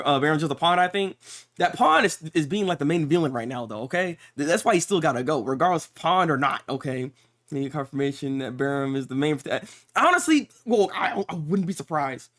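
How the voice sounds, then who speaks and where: A man streaming a live reaction to a new comic chapter, excitable and exclamatory, with casual swearing and lots of restarts. He is recording in an untreated room with some echo. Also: on the high side.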